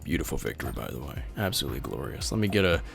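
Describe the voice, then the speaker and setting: A man's voice: very deep voice, very animated, very fast, creaky, a bit bright, husky. A man hosting a gaming channel, rambling through a long story while giving orders in a strategy game, laughing often and breaking off mid-thought. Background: game music.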